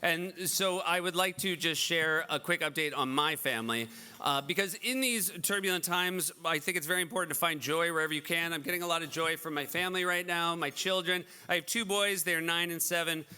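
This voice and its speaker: A man in his forties with a high, very bright, crisp voice hosts a benefit gala. His stories are dry and self-deprecating, told in an animated stand-up manner. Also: a little fast. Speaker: event host. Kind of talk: stand-up style benefit hosting. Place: large event hall.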